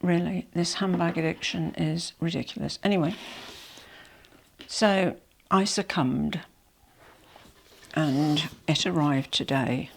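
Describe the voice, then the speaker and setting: A woman talks to her viewers from home in a casual, rambling way, apologising often. Her voice is nasal from a cold and a little out of breath, with a gravelly fry running through it. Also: deep voice, slow, pauses often. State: has a cold, a bit out of breath. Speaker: vlogger. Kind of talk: casual unboxing chat. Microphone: small microphone.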